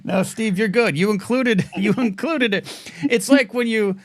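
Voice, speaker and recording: A man hosts a live call-in talk show, rambling from one thought to the next and tripping over his own restarts. His voice sits a little high for a man. It is recorded close and dry, with no room sound. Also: a little slow, dry recording. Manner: rambling, excitable, many restarts. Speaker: host.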